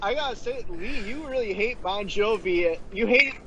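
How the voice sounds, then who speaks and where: A man's voice: high-pitched, lively intonation, moderate pace. A man telling a rambling, profane anecdote in a casual chat. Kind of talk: casual storytelling. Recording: dull lo-fi sound with faint background noise.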